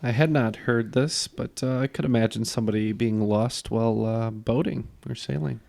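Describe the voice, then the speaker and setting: A man with a gravelly, fry-edged voice co-hosts a light trivia podcast. He teases the others and rounds things off in an upbeat way. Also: mid-range voice, normal speed, a little mellow. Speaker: podcast co-host. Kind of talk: casual podcast banter.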